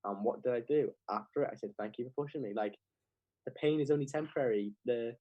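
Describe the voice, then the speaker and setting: A man's voice: medium pitch, fast, dry recording, muffled recording. A young man, chatting casually as a podcast guest and scattering "like" through his sentences. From England. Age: young adult. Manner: rambling, heavy with "like" fillers. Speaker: clothing brand founder, guest.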